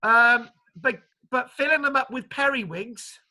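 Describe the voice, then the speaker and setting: A man lecturing online about archaeology, animated and joking, with many fillers and restarts. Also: very high voice, unhurried.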